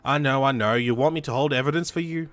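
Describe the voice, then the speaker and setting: A man's voice: mid-range voice, quick pace, a bit bright, no room sound, soft background music, natural voice. A man voicing a cheerful, teasing teenage girl in a game, the playful younger sister. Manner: bouncy, teasing.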